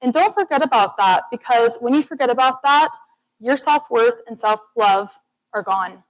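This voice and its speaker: A woman's voice: fairly high pitch, lively intonation, normal speed, rough recording. A young woman giving a student TED-style presentation, earnest and encouraging, talking straight to the audience. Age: young adult. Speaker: student speaker. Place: classroom or lecture hall.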